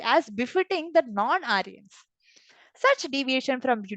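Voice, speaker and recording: High-voiced woman teaching scripture. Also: dry recording, muffled recording. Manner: expressive, explains with everyday examples, laughs often. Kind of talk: devotional scripture class.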